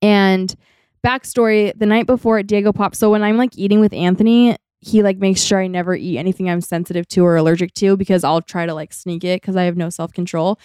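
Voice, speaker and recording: Young woman on a podcast rambling a story, lots of "like", smooth voice. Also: mid-range voice, steady tone, fairly quick, a little mellow, no room sound, studio quality. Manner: chatty, many "like" fillers. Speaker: podcast co-host. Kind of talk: casual storytelling chat.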